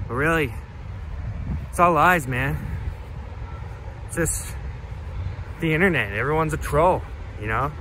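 A man rants to the camera outdoors with a bright, somewhat high voice that swings widely in pitch. He rambles through rhetorical questions and casual swearing at imagined haters. Faint traffic hums behind him. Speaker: comedy vlogger. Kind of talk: comedic rambling rant to the camera. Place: outdoors on a hike.

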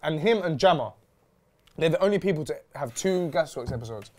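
A man's voice: fairly high pitch, expressive, a little fast, a little mellow. A man hosting a chat show, brash and teasing, swearing freely. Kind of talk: casual chat.

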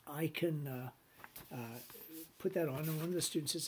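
A middle-aged man teaching business law in a conversational lecture, telling stories, acting out quoted voices and clearing his throat often. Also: a little high, moderate pace, a little mellow, a little hiss or hum. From Canada.

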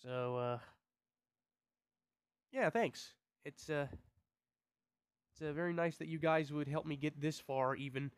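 A young man with a slightly high voice chats to his subscribers in a loose vlog, rambling, stumbling over his words and swearing now and then. The sound is close and dry, with no room echo at all. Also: a little slow, pauses often, smooth. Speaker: YouTuber.

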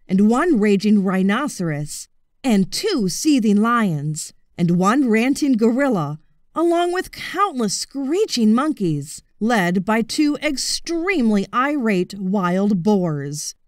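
A woman reading a children's storybook aloud in an expressive, deliberate way, close to the mic. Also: fairly high pitch, dry recording. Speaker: audiobook reader.

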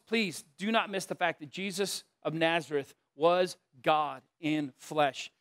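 A middle-aged male pastor with a fairly high voice, preaching in a relaxed, conversational way. He moves between earnest points and playful, self-mocking stories. The sound is dry and close, with no room echo. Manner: earnest, with joking asides and self-deprecating stories. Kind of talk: conversational sermon.

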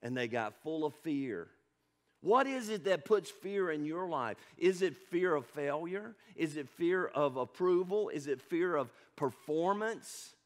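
A male pastor with a fairly high voice delivers an impassioned sermon in a church sanctuary. He drops to near-hushed stretches, then climbs to loud, emphatic peaks. He keeps throwing questions out to the congregation. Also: animated, unhurried. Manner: fervent preaching, swings from hushed to loud.

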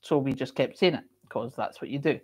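A middle-aged Scottish woman hosts a livestream with an extremely low, husky, darkish voice, talking fairly quickly. In her moderated accent she chats casually over viewer comments, with frequent coughs and ums.

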